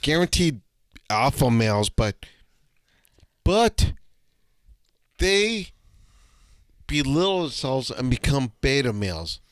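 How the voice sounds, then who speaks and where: Guy on a podcast cussing through a crazy story, bright sharp voice, acts out everybody. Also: clean tone, no room sound. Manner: animated, swearing, acts out voices with big pitch jumps. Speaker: podcast co-host. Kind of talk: casual storytelling.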